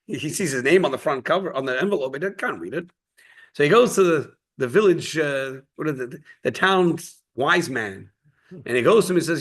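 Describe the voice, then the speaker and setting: Man teaching a relaxed Torah class. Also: medium pitch, normal speed, breathy edge. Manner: conversational, storytelling with quoted voices. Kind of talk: informal Torah class with stories.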